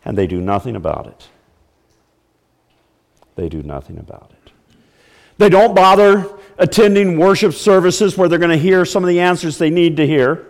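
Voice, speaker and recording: A man's voice: high-pitched, lively intonation, fairly quick, big-room sound. A man preaching a sermon as pastor, breaking into mock wailing when he acts out the crowd. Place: church.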